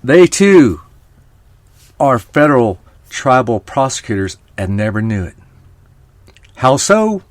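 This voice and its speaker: A man's voice: mid-range voice, sing-song, slow pace, pauses often, dry recording. A man hosting a live podcast stream, talking casually and rambling to his viewers. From Oklahoma. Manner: chatty, rambling, talks to viewers. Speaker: podcast host.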